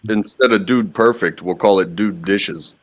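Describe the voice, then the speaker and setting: A man with a lowish voice who chats on a group call. He rambles through funny stories with plenty of fillers and lands dry punchlines. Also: normal speed, noisy background. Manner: rambling storyteller with dry jokes. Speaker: panelist. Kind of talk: casual chat.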